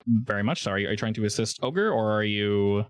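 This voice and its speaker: A man's voice: lowish voice, fast, no room sound. A man running a tabletop role-playing game as game master, explaining rules casually with fillers.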